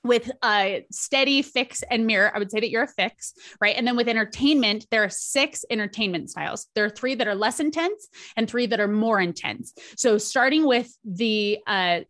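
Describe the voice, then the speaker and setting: A woman coach explaining her framework in a podcast interview, lively and dramatic. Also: fairly high pitch, normal speed, hardly any pauses. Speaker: charisma coach.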